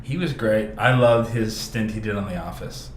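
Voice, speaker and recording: A man hosting a casual chat, jumping in with quick questions and reactions. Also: lowish voice, slight background noise. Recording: roomy echo.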